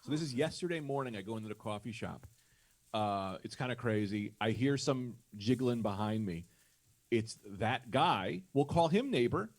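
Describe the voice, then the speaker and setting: A man's voice: medium pitch, moderate pace. A man on a live stream telling a long story in a casual, profane way, often restarting his sentences. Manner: animated, profane, self-interrupting.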